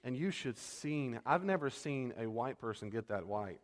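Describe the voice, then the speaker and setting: Guy preaching a sermon, chatty and lively, mid pitch, big echoey church hall. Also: moderate pace. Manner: conversational and animated, acts out quoted dialogue. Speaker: pastor.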